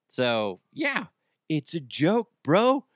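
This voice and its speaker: A man's voice: fairly high pitch, huge pitch swings, extremely slow, no echo, clean studio sound. A man hosting a podcast in a rambling, jokey comedic monologue, laughing often. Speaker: podcast host.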